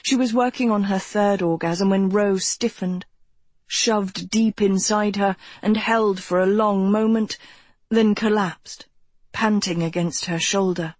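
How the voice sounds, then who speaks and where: Slow, husky woman reading a novel. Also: medium pitch, steady tone, a little mellow, dry recording. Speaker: audiobook narrator. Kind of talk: scripted audiobook narration.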